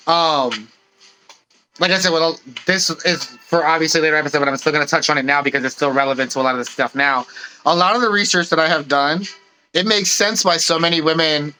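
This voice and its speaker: A man's voice: a little high, pushed and bright, slight background noise, rough recording. A man co-hosting a podcast, explaining things in an earnest, rambling way and often saying "literally.". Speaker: podcast co-host. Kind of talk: casual podcast chat.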